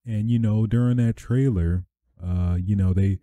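A man hosting a casual gaming podcast, rambling with many fillers and getting excitable with swearing. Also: on the low side, a little slow. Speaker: podcast host. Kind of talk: casual solo podcast talk.

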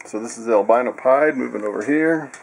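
A man's voice: fairly quick, gravelly, slight background noise. A man casually walking viewers through his animals in a vlog, chatty and laughing often. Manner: coos in high excited tones at pets. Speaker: vlogger.

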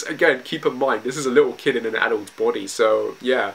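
A man's voice: mid-range voice, fairly quick, gravelly, fairly bright tone. A young man giving casual commentary as a comic reviewer, loose and full of fillers, laughing often.

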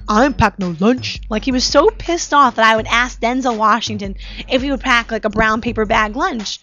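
A woman's voice: fairly high pitch, brisk, sharp tone. Chatty woman host on lo-fi stream. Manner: chatty storyteller, full of "like" and "you know". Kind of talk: casual chat. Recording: dull lo-fi live stream audio.

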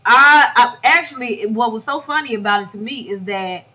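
Casting: woman vlogger, bright and fairly high voice, blunt and profane, muffled lo-fi audio. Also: moderate pace. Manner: profane, blunt, animated ranting. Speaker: YouTube commentator reviewing a reality show reunion. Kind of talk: casual ranting commentary. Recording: dull lo-fi audio.

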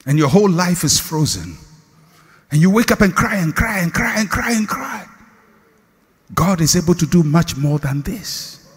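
A male pastor preaching a sermon, swinging from shouted lines to hushed, slow refrains. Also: on the high side, breathy edge. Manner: slow, drawn-out repeated refrains. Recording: long hall reverb.

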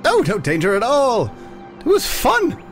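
A tiny male fairy acrobat struts through every line, high and shrill, his pitch leaping wildly as he brags. Bombastic and quick to take offense, he treats every remark as an audience. A dash of faint background music sits under his tabletop game scene. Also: wildly swooping pitch, fairly bright tone, heavily acted. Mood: boastful. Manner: bombastic, showy, easily offended.

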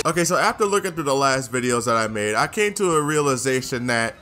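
A man commenting casually on a role-playing game he is playing, joking, swearing and reacting loudly as he reads the dialogue aloud. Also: mid-range voice, expressive, fast talker, few pauses, loud music behind the voice. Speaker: gaming YouTuber.

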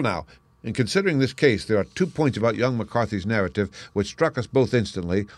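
A man voicing a confident male detective in an audiobook, crisp and brisk, pitching his voice up and speaking louder for the role. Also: no room sound, lightly acted. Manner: brisk, crisp, declaiming deductions. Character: sharp, confident male detective, lively and assured. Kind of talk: audiobook character reading.

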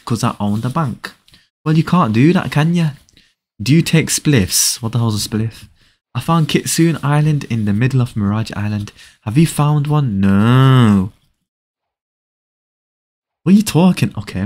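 A young man at a middle pitch hosts a live game stream, reading out viewer comments and firing back playful, teasing answers. He repeats short phrases in rapid bursts and keeps the back-and-forth loose and casual.

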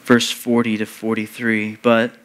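Slow, deliberate man preaching. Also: on the low side, completely flat delivery, a bit bright. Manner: slow, deliberate retelling with repeated short phrases. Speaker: pastor. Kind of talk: sermon.

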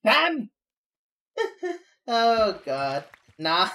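A woman's voice: medium pitch, very animated, extremely slow, pauses often, fairly bright tone. A young adult woman streaming, chatting casually and venting candidly, rambling with frequent laughs. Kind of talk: casual live-stream chat.

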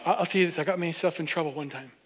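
A man preaching a sermon as pastor, in a conversational and animated way, speaking straight to his congregation with repeated direct questions. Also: on the high side, very fast, breathy edge. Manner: acts out quoted voices of others.

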